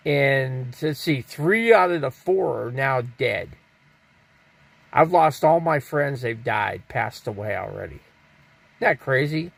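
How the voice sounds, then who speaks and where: Older male stream host, gravelly and slightly high, loose rambling delivery, answers chat. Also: fairly bright tone. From Scottsdale, Arizona. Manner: rambling, reads viewer chat aloud and answers it. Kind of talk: casual live-stream chat.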